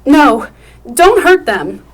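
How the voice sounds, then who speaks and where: A woman's voice: a little high, normal speed, fairly bright tone, close to an everyday voice. A woman reading the part of a young mother in her mid-twenties, tender and pleading.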